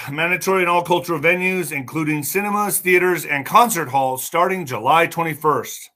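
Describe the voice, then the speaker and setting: A man's voice: a little high, moderate pace, pushed and bright. A man hosting a podcast, reading news aloud and ranting angrily about it, often stumbling over words and swearing. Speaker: podcast host. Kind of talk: casual news commentary podcast.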